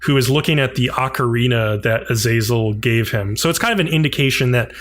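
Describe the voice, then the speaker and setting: A man's voice: medium pitch, a little fast. A man co-hosting a podcast, casually recapping an episode and briefly acting out the characters' lines. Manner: animated retelling, frequent "like", acts out characters' lines. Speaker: podcast co-host.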